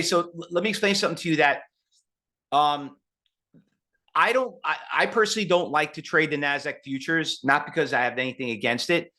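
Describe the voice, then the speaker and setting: A man teaching a live trading webinar, talking in an animated, rambling way and slipping into quotes along the way. His voice sits a little high for a man and has a bright, forceful edge. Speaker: trading educator.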